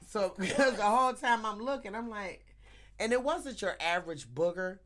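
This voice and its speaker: A woman telling a story in casual chat, animated and laughing often, acting out the people in it. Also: mid-range voice, moderate pace. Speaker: teacher.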